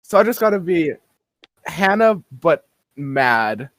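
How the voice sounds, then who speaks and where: A man's voice: a little high, big pitch swings, slow, dry recording. A man co-hosting a podcast in casual chat, playful and rambling, laughing often. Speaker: podcast co-host.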